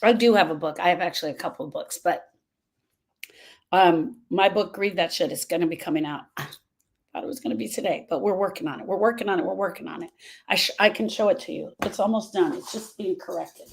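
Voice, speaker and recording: A woman's voice: on the low side, a little fast, breathy edge. A woman grief coach talking casually to viewers on a live stream, earnest and repeating herself as she drifts off topic.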